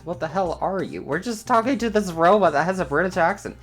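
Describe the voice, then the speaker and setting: A woman's voice: lowish voice, animated, a little fast, over music. A woman live-streaming a game, chatty and giggly, greeting her viewers eagerly.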